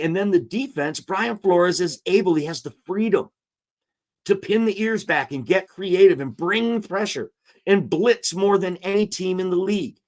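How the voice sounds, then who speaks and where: A man hosting a live football show, talking casually and animatedly, and reading viewer comments aloud. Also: fairly high pitch.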